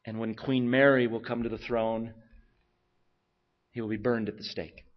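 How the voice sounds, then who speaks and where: Animated preacher, dull lo-fi sound. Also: male voice, medium pitch, normal speed. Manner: animated, with rhetorical questions, swinging from loud to hushed. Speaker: pastor. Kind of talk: sermon. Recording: dull lo-fi recording.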